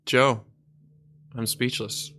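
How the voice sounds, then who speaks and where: Male interview host: calm, measured, unhurried, mid-pitched voice. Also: a little hiss or hum. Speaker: podcast host. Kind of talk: interview questions.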